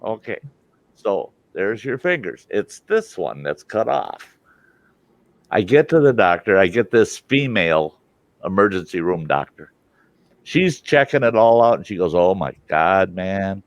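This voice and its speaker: Older man telling a lively story. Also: fairly low pitch, a little slow, no echo. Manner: animated, acts out quoted voices. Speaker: storytelling host. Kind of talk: casual storytelling.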